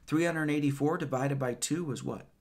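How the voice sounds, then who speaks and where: A man's voice: on the high side, moderate pace. Man, preacher, casual sermon, rambling, filler-heavy delivery. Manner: loose, rambling, with fillers and profanity.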